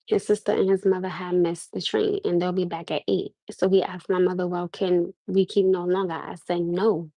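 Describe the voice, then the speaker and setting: A woman's voice: fairly low pitch, moderate pace, few pauses, no echo, poor audio. A young woman from Norwalk with a New York-tinged accent, chatting casually on a livestream and asking her viewers again and again what they think. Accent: New York-tinged American. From Norwalk, USA. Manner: animated, repeats questions to the audience, restarts often. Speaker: livestream host.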